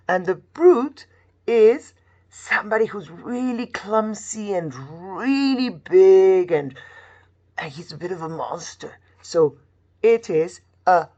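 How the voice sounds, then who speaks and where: A woman's voice: on the low side, expressive, slow pace, dark tone, dull audio. A woman teaching a phonics lesson to young children, modelling sounds in a sing-song, exaggerated way. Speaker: primary school teacher.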